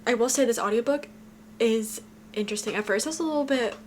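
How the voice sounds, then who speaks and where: A woman's voice: on the high side, fast, a little hiss or hum. A woman vlogging about her reading in a casual, gushing way, rambling with lots of fillers. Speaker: book vlogger. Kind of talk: casual chat.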